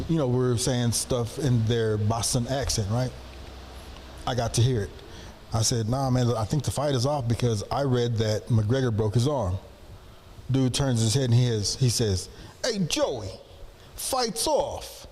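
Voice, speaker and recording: Relaxed Texan man spinning a story. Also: medium pitch, normal speed, slight background noise. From Texas. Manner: relaxed, rambling anecdote telling. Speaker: podcast co-host. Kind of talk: casual storytelling.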